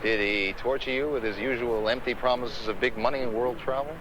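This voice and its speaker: A man's voice: medium pitch, steady tone, brisk, natural voice. An actor playing a frustrated man who wants marriage and kids, talking sarcastic and exasperated in a 1980s TV drama. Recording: TV episode clip with loud noise.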